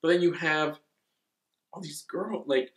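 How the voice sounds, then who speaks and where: A man reviewing a horror movie in a rambling, excitable way, swearing freely. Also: fairly high pitch, unhurried, roomy sound.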